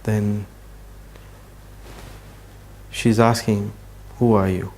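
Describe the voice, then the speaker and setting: A man giving a talk to an audience, telling a story at an unhurried pace and dropping his voice to near-quiet at emotional moments. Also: fairly low pitch, little pitch movement. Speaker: speaker at a training session.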